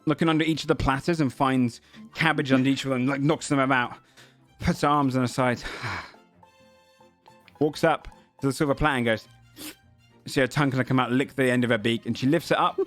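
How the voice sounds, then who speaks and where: A man's voice: mid-range voice, steady tone, quick pace, fairly bright tone, faint music behind. Man narrating a tabletop game. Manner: loose, hesitant narration with many fillers. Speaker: game master.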